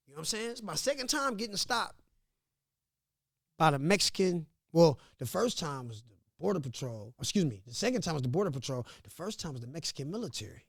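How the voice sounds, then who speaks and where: A man from Missouri, a podcast guest, telling a story in a casual, animated, profane way and acting out what others said. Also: fairly high pitch, fairly quick, vocal fry, breathy edge, no room sound. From Grandview, Missouri. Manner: animated, profane, laughs often, acts out quotes.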